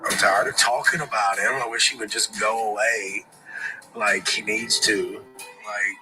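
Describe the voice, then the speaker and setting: A man's voice: lowish voice, fairly even intonation, unhurried, poor audio. A man in a reality TV confessional, talking bluntly and heatedly about protecting his wife. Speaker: reality show husband. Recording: reality TV clip with music.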